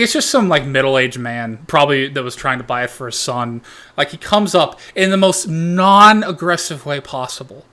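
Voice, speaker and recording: A man's voice: fairly high pitch, fairly quick. A man hosting a reaction video who gives rambling, profanity-laden comedic commentary. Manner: rambling, animated, swears a lot.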